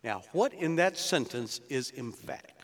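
A man's voice: mid-range voice, lively intonation, normal speed. A male pastor preaching an expository sermon, explaining scripture in an earnest teaching tone that builds to emphatic peaks. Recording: long reverb of a large hall.

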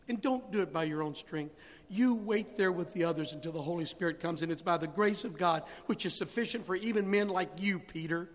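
High-voiced preacher in a reverberant hall. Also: male voice, a little fast. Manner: preaching with rising emphasis, acting out biblical dialogue. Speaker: pastor. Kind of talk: sermon.

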